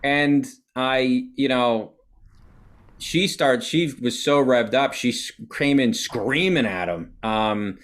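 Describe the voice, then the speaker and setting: Animated male director telling set stories. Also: mid-range voice, slow pace. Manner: animated, acts out quotes, swears casually. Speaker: podcast host and film director. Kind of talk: casual anecdotal storytelling.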